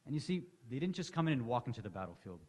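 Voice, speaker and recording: A man's voice: medium pitch, sing-song, very fast, a little mellow. A man delivering an impassioned Muharram sermon to a congregation, telling the story with rising emotion. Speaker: lecturer. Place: large hall at an Islamic center. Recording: long hall reverb.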